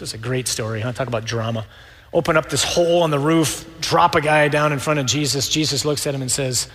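Wry, animated male preacher in a reverberant hall. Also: medium pitch. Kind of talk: sermon.

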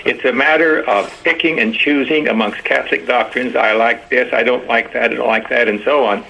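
An older man, a priest, giving a reflective personal testimony in a halting way, with frequent fillers and repeated words. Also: mid-range voice, fairly even intonation, gravelly, sharp tone, low-quality recording. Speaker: priest guest.

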